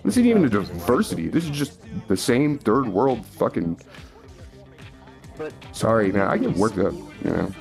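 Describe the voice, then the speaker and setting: A man's voice: fairly low pitch, big pitch swings, normal speed, gravelly, pauses often, over music. A man from the northern United States ranting angrily into a phone, swearing heavily and laughing between lines. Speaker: vlogger. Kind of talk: angry profane rant.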